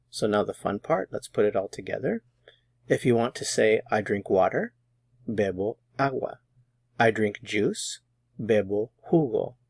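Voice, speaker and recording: Male language teacher, low-pitched, unhurried, methodical delivery, dry close recording. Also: darkish tone, husky, dry recording. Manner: patient, methodical, slows down on example phrases. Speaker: Spanish teacher. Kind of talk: explaining grammar lesson.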